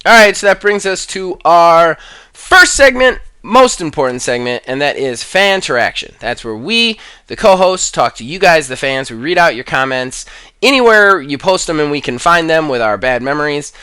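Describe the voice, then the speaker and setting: Lively, laughing male podcast host. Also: fairly high pitch, normal speed, clear, resonant tone, no echo. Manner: laughing, joking, profane. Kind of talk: casual chat.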